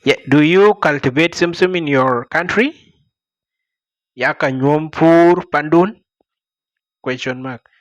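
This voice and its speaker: A man's voice: on the high side, takes it slowly, long pauses, no echo, highs cut off. A man with a Dinka accent teaching a language lesson, repeating each phrase and explaining it word by word.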